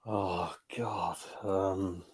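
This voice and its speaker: A man's voice: deep voice, steady tone, extremely slow, a little hiss or hum. A man from England in a casual football chat, chatty and asking questions, often saying mate. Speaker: podcast co-host.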